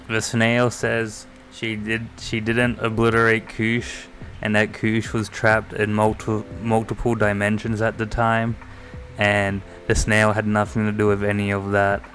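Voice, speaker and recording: A man chatting quietly on a live stream, keeping his voice soft because of a sore throat. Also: on the low side, monotone, slow. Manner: soft-spoken, near-ASMR quiet talk. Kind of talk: casual stream chat. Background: faint lo-fi music.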